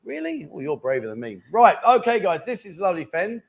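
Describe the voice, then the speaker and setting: A man's voice: high voice, big pitch swings, brisk, lo-fi sound. A man in his fifties hosting a live chat show, joking and teasing guests and viewers in casual banter. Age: 50s.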